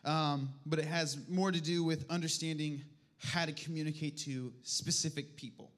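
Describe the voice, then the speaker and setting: A man's voice: fairly high pitch, steady tone, normal speed, a bit bright. Candid man with a light voice speaking at church. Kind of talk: personal teaching talk.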